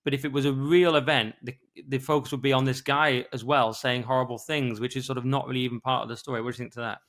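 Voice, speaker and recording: A tired man co-hosting a podcast, rambling quickly through his thoughts in casual talk. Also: mid-range voice, flat delivery, a bit bright. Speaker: podcast co-host. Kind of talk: casual political discussion.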